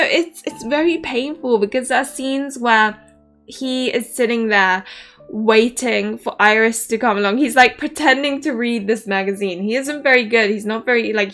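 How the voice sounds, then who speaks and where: A woman casually reviewing a book in a rambling, animated way, full of fillers. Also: fairly high pitch.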